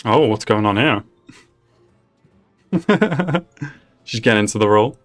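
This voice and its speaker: A man with a lowish voice gives loose, running reactions to a show he is watching. He blurts out exclamations and curses, and laughs now and then. The show's music plays quietly underneath. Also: lively intonation, slow. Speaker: reaction channel host. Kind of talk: casual reaction commentary.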